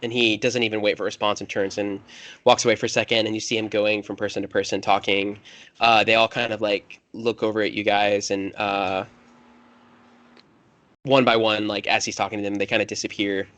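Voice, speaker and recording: A man's voice: fairly low pitch, flat delivery, a little fast, a bit bright. A man narrating a tabletop game as game master, hesitant and full of fillers.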